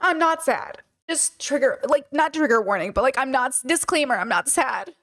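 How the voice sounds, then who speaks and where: A woman's voice: high-pitched, expressive, moderate pace, a bit bright. A worn-out woman streamer talking frankly to her chat about her exhaustion, her voice a bit shaky. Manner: tired, confessional, shaky voice. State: exhausted and drained. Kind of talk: casual livestream chat.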